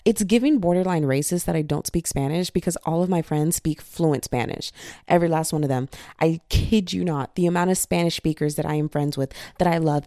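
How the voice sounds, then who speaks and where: A young woman hosting a podcast in slangy, animated casual chat, feeling a bit unwell. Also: low-pitched, dry recording, clean studio sound. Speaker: podcast host.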